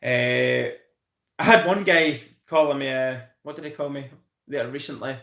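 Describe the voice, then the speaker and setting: A Scottish man hosting a live stream, chatting in a rambling, excitable way and swearing freely. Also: medium pitch, unhurried, creaky, reverberant. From Scotland. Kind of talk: casual live-stream chat.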